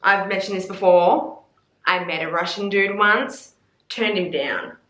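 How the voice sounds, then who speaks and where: Aussie girl in her 20s gushing n swearing about books, bright voice, echoey room. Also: medium pitch, unhurried. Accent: Australian. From Australia. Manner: gushing and sweary, with playful swooning asides. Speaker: book vlogger. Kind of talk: casual chat.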